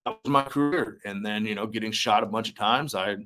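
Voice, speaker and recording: A young man with a slightly low voice recounts meeting his heroes in a relaxed interview. He fills his talk with "like" and "um" and acts out the lines people said. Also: fairly quick. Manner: animated storyteller, acts out quotes, many fillers. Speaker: musician and army veteran guest. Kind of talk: casual interview storytelling.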